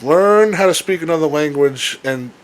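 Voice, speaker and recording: A young man co-hosting a casual chat, rambling with halting restarts and swearing freely. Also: a little high, lively intonation. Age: young adult. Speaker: podcast co-host.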